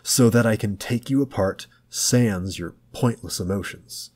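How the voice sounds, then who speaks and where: A man reading the part of a cold, menacing older man with curt, clipped threats that rise into yells. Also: on the low side, unhurried.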